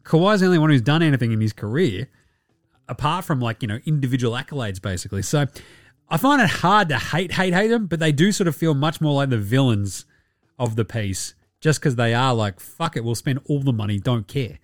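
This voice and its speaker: A man's voice: medium pitch, sing-song, a little fast, no echo, studio quality. Profane, rambling Australian man. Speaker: podcast host. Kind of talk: casual basketball commentary.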